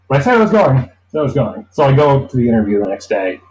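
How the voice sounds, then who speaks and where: Man, interview guest, casual storytelling, acts out quotes, mellow tone, echoey room. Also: medium pitch, very animated, quick pace. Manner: rambling, acts out quoted people. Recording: roomy echo.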